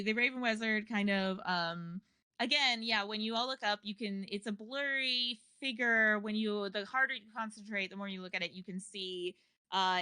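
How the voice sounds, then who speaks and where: A woman's voice: mid-range voice, bright, forceful tone, clean tone, dry recording. A woman narrating as game master of a tabletop game, meandering with many fillers and restarts.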